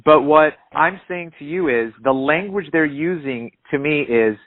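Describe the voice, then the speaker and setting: A man's voice: fairly high pitch, unhurried, no room sound. A man calling in to a radio show, earnestly retelling a traffic stop in detail. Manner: animated, retells dialogue, earnest. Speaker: caller telling his story. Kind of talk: conversational storytelling. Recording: dry phone-line sound.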